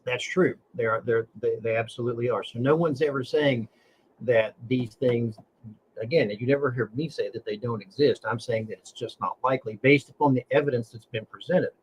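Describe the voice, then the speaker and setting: A man talks as a podcast guest in a middle-pitched voice. He explains his reasoning in a measured, deliberate way, with faint noise in the background. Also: poor audio. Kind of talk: casual chat.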